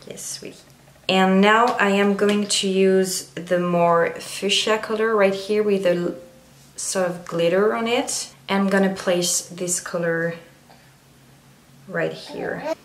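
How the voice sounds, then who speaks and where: Slow-talking woman in a roomy echo. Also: mid-range voice, steady tone. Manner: chatty, meandering, frequent fillers. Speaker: beauty vlogger. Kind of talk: casual makeup tutorial chat.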